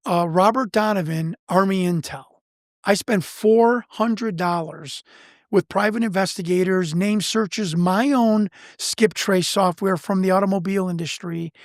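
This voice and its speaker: A man from Chicago, a guest researcher, telling a story in an animated way, full of restarts and acted-out quotes. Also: high-pitched, no room sound, clean studio sound. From Chicago, United States.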